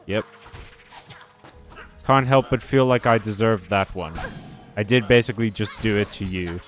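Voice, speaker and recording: A man commentates on his gameplay in a loose, joking way, swearing freely and answering chat. His voice sits on the low side, with faint music playing underneath. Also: normal speed. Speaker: game streamer.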